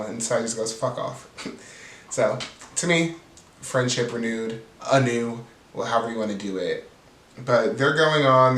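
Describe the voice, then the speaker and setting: A man's voice: medium pitch, a bit bright, echoey room, far from the mic, low-quality recording. A man giving a casual, snarky, profane recap of a reality TV episode as host. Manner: snarky, profane, bored-sounding commentary.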